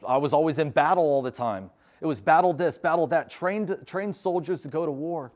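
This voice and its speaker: A middle-aged man with a slightly raised pitch speaks earnestly and with emphasis, teaching a live class in a university room. He talks plainly, like a veteran sharing his own experience. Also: a little mellow. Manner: earnest, emphatic, gives firm dog commands. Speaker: veteran speaker with service dog. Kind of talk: live class talk and demonstration.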